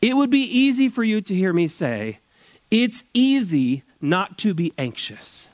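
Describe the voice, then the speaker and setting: A male pastor delivering a sermon in a high, very animated voice. He stretches important phrases out slowly for emphasis. The sound is close and dry, with no room echo. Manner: expressive preaching with slowed, emphatic phrases. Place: church service.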